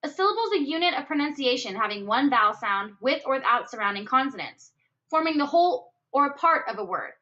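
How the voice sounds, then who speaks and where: A woman explaining a poetry lesson in an upbeat way, counting out syllables slowly and stressing each word. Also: on the high side, bright, forceful tone. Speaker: teacher. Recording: dull lo-fi recording.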